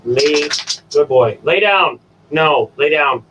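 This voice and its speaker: A man hosting a casual stream and giving his dogs coaxing commands, jumping to high sing-song calls. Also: expressive, takes it slowly. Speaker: stream host. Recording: distant from the mic. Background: dogs, faint room noise.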